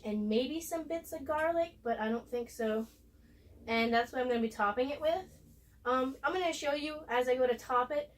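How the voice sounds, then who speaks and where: A woman talking casually through a cooking demonstration in her home kitchen, chatty and explaining each step as she goes. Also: sits high. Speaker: cooking vlogger. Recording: voice a bit far from the mic.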